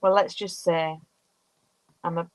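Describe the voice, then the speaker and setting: A woman in her fifties from the UK hosts a live card-making session. She chats easily as she works and answers viewer comments. Her voice sits low, and it sounds close and dry. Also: steady tone, slow, no room sound, poor audio. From United Kingdom. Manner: chatty, talks through each step while working. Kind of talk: casual live crafting chat.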